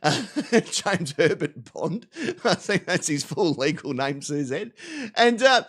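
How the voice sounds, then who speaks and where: Sweary high-voiced Australian man. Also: big pitch swings, takes it slowly, a bit bright. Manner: sweary, laughing, playful. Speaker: podcast host. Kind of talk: comic rant.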